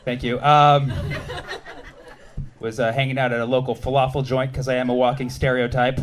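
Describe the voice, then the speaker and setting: A stand-up comedian in his thirties from the United States works through an animated, punchy set in a mid-range voice. He shouts some bits and throws quick asides to the crowd.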